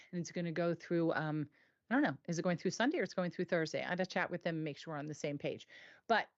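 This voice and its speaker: Woman, show co-host, animated and laughing, muffled dry sound. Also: lowish voice, dry recording. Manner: animated storyteller, laughs often, does excited impressions. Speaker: co-host of a weekly web show. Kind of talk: casual chat.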